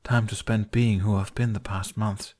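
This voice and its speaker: A man reading the lines of a guarded, troubled young man, speaking quietly, close to a whisper. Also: on the low side, little pitch movement, moderate pace, lightly acted. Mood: somber. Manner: hushed, near whisper.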